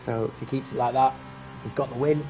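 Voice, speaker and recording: Male race caller, mid-pitch, laid-back and chatty, lifts for close finishes; faint hiss underneath. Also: a little fast. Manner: casual, chatty, rising excitement at close battles. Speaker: race commentator. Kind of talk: live sim racing commentary.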